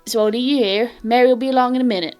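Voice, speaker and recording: Uma mulher interpretando um guarda de portão barulhento e apressado numa partida de RPG de mesa. Ele chama alto, com a voz levantada acima do tom normal, e há música baixinha ao fundo. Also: female voice, on the high side, steady tone, soft background music, close to an everyday voice. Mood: brisk. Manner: loud and brisk. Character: gruff loud male gate guard.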